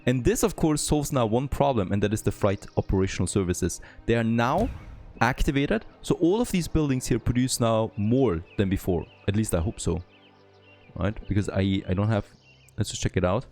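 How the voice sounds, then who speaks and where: A man who is not a native English speaker talks through a city-building game in a low, gravelly voice, thinking aloud as he goes and perking up when something works. Faint music plays behind him. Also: moderate pace. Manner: thinking aloud, easily excited, frequent "there you go". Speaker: gameplay commentator. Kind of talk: let's play commentary.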